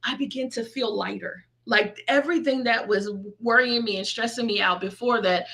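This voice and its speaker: A woman's voice: on the high side, moderate pace, creaky, sharp tone. A middle-aged woman pastor with a Midwestern American accent, giving an intimate sermon from her desk and praying aloud in a personal testimony style. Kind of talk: online sermon, girl talk.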